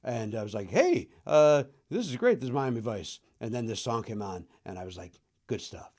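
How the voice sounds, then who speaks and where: Joking and animated, this Chicago-area podcast host has a lively pitch and rambles through a comedic bit about records. He mocks himself freely and tosses in brief goofy voices along the way.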